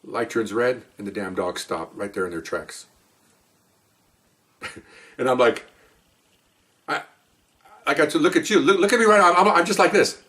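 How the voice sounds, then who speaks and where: A man's voice: medium pitch, moderate pace, pauses often, sharp tone, distant mic. A middle-aged man who is a police officer, telling his own stories in a rambling, chatty way full of asides. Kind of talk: casual spoken storytelling.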